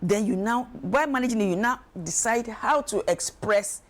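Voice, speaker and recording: A woman, speaking as an expert guest on a talk show, emphatic and animated, acting out quoted voices. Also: fairly high pitch, normal speed. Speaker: guest expert on emotional wellbeing. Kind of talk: studio talk show discussion.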